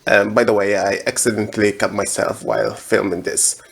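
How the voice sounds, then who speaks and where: A young man hosting a comedic music tutorial, explaining every step in a slow, deadpan way. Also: lowish voice, creaky.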